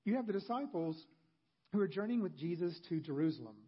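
A male pastor preaches with a husky, slightly high voice, telling the story in a relaxed, conversational way with light humorous asides. The recording is dull and lo-fi. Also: fast. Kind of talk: sermon.

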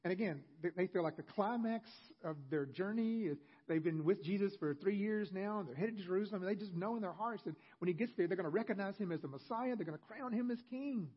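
Husky-voiced male pastor preaching. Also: high voice, fast, hardly any pauses, muffled recording. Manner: conversational storytelling with humorous asides. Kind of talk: sermon.

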